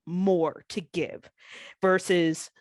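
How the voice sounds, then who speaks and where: A woman's voice: fairly low pitch, drawn-out words, dry recording. Candid woman telling a painful story. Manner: emotional, candid, quotes others in lively voices. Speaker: guest, former pro wrestler.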